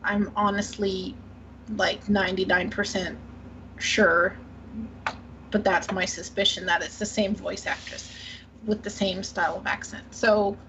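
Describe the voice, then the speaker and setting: A woman's voice: mid-range voice, fairly even intonation, unhurried, fairly bright tone. A woman from Canada, co-hosting a podcast in casual gaming chat, rambling and trailing off as she talks. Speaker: podcast co-host. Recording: slightly muffled, faint hiss.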